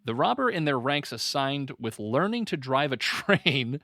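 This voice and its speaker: A man's voice: medium pitch, big pitch swings, sharp tone, dry recording. A man co-hosting a true-crime podcast, reading the case aloud and often breaking off to joke and laugh. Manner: reads story notes quickly, breaks off to joke and laugh. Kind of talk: casual comedy podcast chat and reading.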